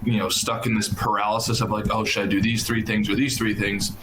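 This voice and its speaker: A man co-hosting a podcast speaks in a casual, hesitant way, leaning on "like" and "um" as he works through his thoughts. His voice is low. It rings in an echoey room with a faint hiss behind it. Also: level tone, a little fast. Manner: hesitant, fills with "like" and "um", short affirmations. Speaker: podcast co-host. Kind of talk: casual chat.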